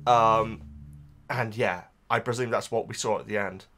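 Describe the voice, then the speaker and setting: A man's voice: lowish voice, fairly even intonation, normal speed, over music. A man hosting a reaction channel, talking in a casual, emotional and rambling way with lots of restarts.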